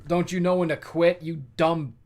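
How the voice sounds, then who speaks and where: A man's voice: on the high side, little pitch movement, normal speed, darkish tone, voice pushed up, natural voice. A man doing a crude, irritable sky god. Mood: scornful. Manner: profane and mocking.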